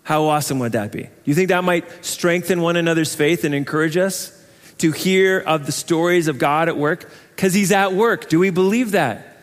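Pastor in a reverberant church. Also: male voice, a little high, normal speed. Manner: conversational, animated, acts out voices. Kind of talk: sermon. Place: church sanctuary.

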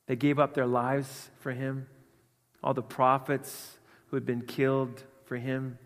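A man preaching a sermon with earnest emphasis, swinging between loud stresses and quiet asides. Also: medium pitch, flat delivery, a little slow. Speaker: pastor. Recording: long hall reverb.

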